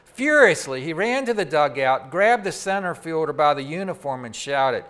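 A man's voice: on the high side, lively intonation, moderate pace, a bit bright. A man preaching a sermon from a church pulpit into a microphone, in a folksy, conversational way with asides to the congregation. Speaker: pastor. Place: church sanctuary.

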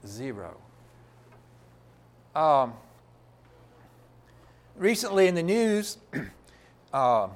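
Emphatic high-pitched male preacher. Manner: emphatic, asks rhetorical questions and answers them. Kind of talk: sermon.

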